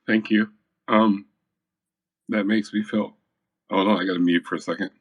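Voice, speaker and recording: A shy, soft-spoken man who hesitates often and fills pauses with ums as he thanks the people around him in voice chat. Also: fairly low pitch, fairly even intonation, slightly rough, no echo, lo-fi sound. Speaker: featured artist. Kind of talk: casual voice-chat talk.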